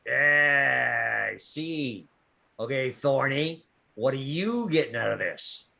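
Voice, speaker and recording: A man's voice: medium pitch, lively intonation, slow pace, gravelly, sharp tone, exaggerated voice. A man voicing a short, stocky, greedy male bogan who oversees contracts, talking in a coarse, wheedling way.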